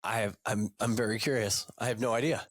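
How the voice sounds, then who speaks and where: A man's voice: on the low side, fairly quick, husky, dry recording. Easygoing male podcast host. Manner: relaxed, easygoing, brief reactions. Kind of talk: casual interview chat.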